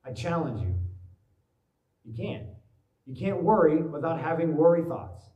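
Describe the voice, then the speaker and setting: A man preaching a sermon as pastor, telling stories in a lively way and acting out worried voices. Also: on the high side, measured pace, dull audio. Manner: animated storytelling, acts out worried voices. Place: church sanctuary. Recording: echoey church hall, mic at a distance.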